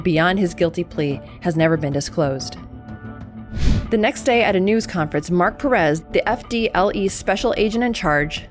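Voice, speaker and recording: A woman narrating a true crime video in a measured, scripted way. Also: on the low side.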